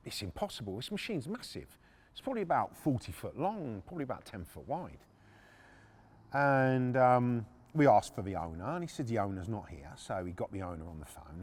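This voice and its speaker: A man's voice: fairly low pitch, a little mellow. A middle-aged man, a podcast host and former repo man, telling a story casually and bluntly, swearing and restarting his sentences.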